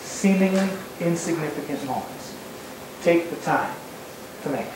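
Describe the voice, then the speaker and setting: A man's voice: fairly high pitch, animated, normal speed. A man giving a motivational talk to an audience, building up with repeated phrases and rhetorical questions. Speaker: speaker. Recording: very echoey hall, distant mic, faint noise.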